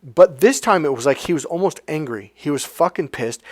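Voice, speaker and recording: A man's voice: a little high, brisk, hardly any pauses, darkish tone, no echo. Rambling, blunt-talking man, dry sound. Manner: rambling, blunt, swears casually. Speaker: life coach. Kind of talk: casual storytelling monologue.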